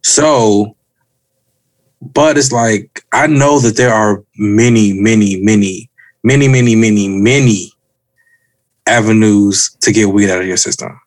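A man's voice: fairly low pitch, fairly even intonation, measured pace, no room sound. A man co-hosting a podcast, laid-back, repeating words for emphasis. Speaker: podcast co-host. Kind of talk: casual chat.

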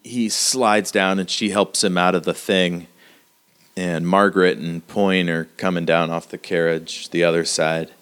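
A man narrating a tabletop role-playing game as game master, halting with many fillers. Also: deep voice, little pitch movement, a bit bright, smooth.

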